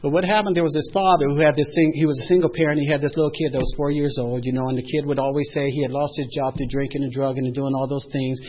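Husky older man giving earnest testimony. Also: medium pitch, flat delivery, quick pace, hardly any pauses. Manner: emotional, earnest storytelling. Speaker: speaker at a recovery meeting. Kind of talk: heartfelt personal testimony. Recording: dull lo-fi recording.

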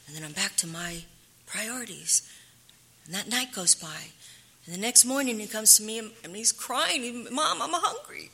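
A middle-aged woman telling her own recovery story in a candid, halting way, often dropping to a hushed whisper. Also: mid-range voice, lively intonation, husky. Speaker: recovery speaker. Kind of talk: personal testimony.

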